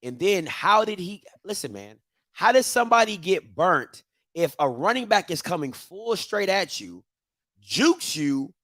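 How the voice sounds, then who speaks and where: A man hosting a live football watch party, reacting loudly and trash-talking the plays. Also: high-pitched, unhurried, no echo, clean studio sound. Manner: loud, excitable, trash-talking.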